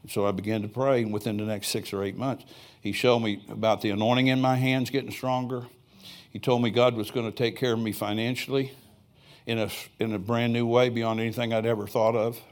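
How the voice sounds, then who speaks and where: A man's voice: mid-range voice, little pitch movement, brisk. An older man preaching a sermon in a church, telling stories in a folksy way with chuckling asides. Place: church sanctuary.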